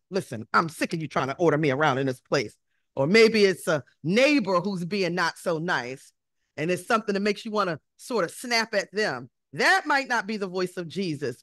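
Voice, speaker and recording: A woman pastor giving a sermon in a relaxed, conversational way, often acting out quoted voices. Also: medium pitch, no room sound, studio quality. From United States. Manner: conversational preaching with acted-out quotes of disciples.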